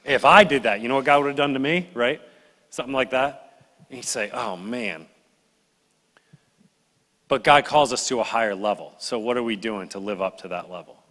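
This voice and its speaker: Bright-voiced male pastor in a reverberant hall. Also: mid-range voice, fast. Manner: animated storytelling, acts out complaining voices. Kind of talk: sermon. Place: church sanctuary.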